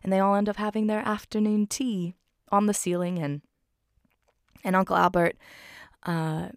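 A woman's voice: mid-range voice, little pitch movement, moderate pace, clear, resonant tone, no echo, clean studio sound. Giggly woman recapping a film. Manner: giggly, chatty storytelling.

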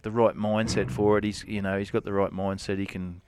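Rambling Australian cowboy, smooth voice. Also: male voice, fairly low pitch, level tone, fairly quick, darkish tone, dry recording. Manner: rambling, lots of "you know" and restarts. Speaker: rodeo cowboy guest. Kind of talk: casual storytelling interview.

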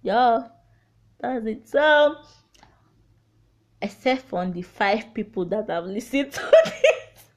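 A woman's voice: fairly high pitch, expressive, slow, long pauses. A woman with a Nigerian accent hosting a solo podcast, talking heartfelt and frank, laughing through painful topics. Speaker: podcast host. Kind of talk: candid solo podcast monologue.

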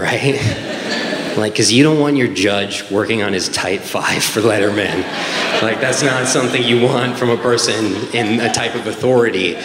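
Wry young man telling a story. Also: fairly low pitch. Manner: conversational, wry, many fillers like "like" and "um". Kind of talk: live stage storytelling. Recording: roomy hall with faint room noise.

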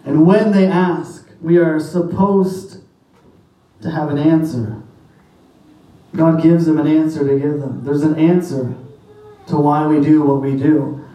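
A man's voice: a little high, fairly even intonation, a little slow, pauses often, dark tone. A man preaching a sermon as pastor, emphatic, quoting scripture in old-fashioned wording. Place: church sanctuary. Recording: very echoey church hall, mic at a distance.

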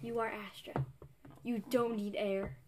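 A woman's voice: mid-range voice, little pitch movement, unhurried, a crowd in the background. A woman player in a tabletop game, insistently explaining things to another character.

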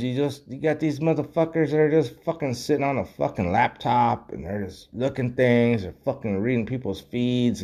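A man's voice: medium pitch, dark tone. A man ranting in a casual, rambling way and swearing constantly while drinking beer. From United States. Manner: profane, rambling, heavy swearing.

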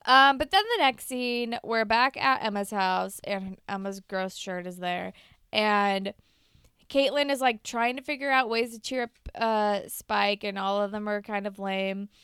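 Speaking a little slowly, this young podcast co-host animatedly retells scenes from an episode, performing the lines in quoted voices and swearing along the way. Her medium-pitched voice is clean, with no room sound and a clean studio feel.

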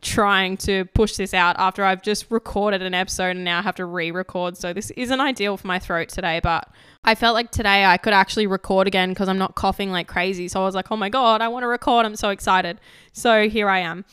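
Candid woman podcaster, slightly croaky. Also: medium pitch, fairly even intonation, brisk, a bit bright, no echo, studio quality. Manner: chatty and candid, swears freely. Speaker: podcast host. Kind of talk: casual chat.

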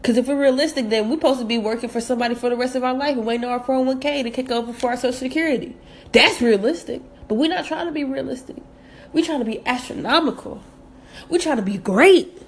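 Upbeat woman podcaster, fairly high voice. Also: fast talker. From southern United States. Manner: upbeat, preachy, repeats phrases for emphasis. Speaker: podcast host. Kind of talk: motivational podcast monologue.

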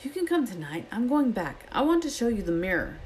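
A woman voicing an intense, longing eleven-year-old wizard boy in an urgent, hushed voice. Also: on the high side, very animated, fairly quick, slight background noise, voice pushed up.

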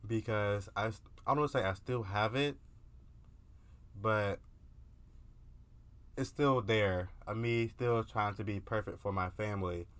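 A man's voice: on the low side, a little slow, pauses often, fairly bright tone. A young man vlogging in a candid, casual confessional monologue, profane and peppered with filler words.

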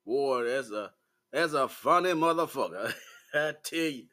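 A man in his forties with a Southern American accent, ranting bluntly and profanely to the camera in a slow, laid-back vlog. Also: medium pitch, animated, bright, forceful tone. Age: 40s. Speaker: vlogger.

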